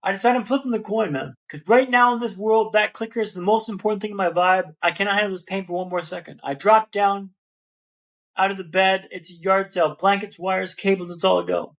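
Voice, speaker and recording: A man with a notably high voice tells his story as a podcast guest. He builds each scene in rhythmic repeated phrases and keeps calling the host "man". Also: fairly even intonation, a little fast, gravelly, fairly bright tone. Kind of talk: dramatic storytelling in an interview.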